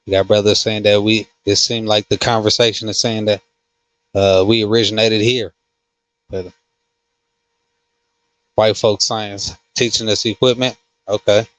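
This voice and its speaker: A man who hosts a casual livestream and reads comments, talking slowly with many fillers and restarts. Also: on the low side, level tone, a bit bright, no room sound. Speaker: host.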